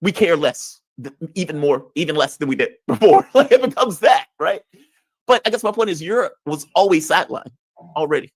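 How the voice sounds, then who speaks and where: Male commentator, blunt and combative, higher-pitched, dry sound. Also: expressive, brisk, no echo. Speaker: political commentator. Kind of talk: heated political discussion.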